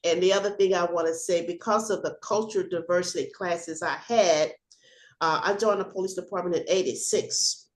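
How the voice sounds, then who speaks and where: Older woman, ex-cop, animated storyteller, video call audio, echoey room. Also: lowish voice, moderate pace. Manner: animated storyteller, acts out shouting and laughs. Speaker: retired police officer.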